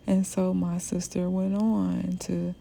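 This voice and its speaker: Young woman, low-pitched and slow, casual rambling storyteller with many fillers. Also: level tone, creaky, warm tone, slight background noise. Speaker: hairstylist telling a story.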